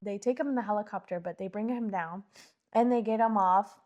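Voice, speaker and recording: A woman's voice: medium pitch, a little fast, muffled recording. A woman hosting a podcast, telling a story in casual chat and acting out the quotes with lots of "like"s. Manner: animated, acts out quotes, many "like"s. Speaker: podcast host.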